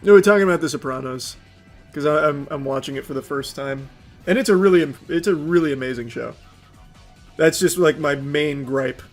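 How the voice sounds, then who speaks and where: A young adult man rants casually on a livestream, animated and profane, laughing often. His voice is on the high side at a normal speed, with faint music in the background.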